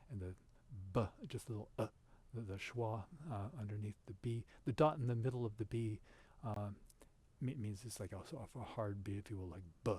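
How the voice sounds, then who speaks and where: Low husky man teaching, halting. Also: darkish tone. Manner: halting, with many fillers and restarts; patient, explanatory. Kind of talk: informal screen-share lecture.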